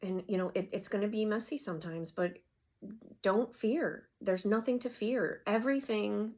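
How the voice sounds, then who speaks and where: Casting: a gravelly woman in her fifties, a chatty oracle card reader. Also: medium pitch, moderate pace, darkish tone. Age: 50s. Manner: reads card text aloud then rambles about it. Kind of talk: casual oracle card reading.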